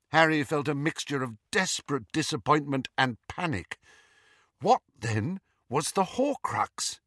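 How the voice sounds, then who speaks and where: Expressive male storyteller, bright voice. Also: on the high side, a little slow, no echo, clean studio sound. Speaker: narrator. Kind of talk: reading a novel aloud.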